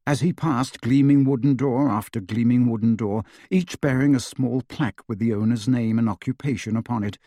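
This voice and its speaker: A man narrating an audiobook in an expressive, measured storytelling voice on a close studio mic. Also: medium pitch, dry recording.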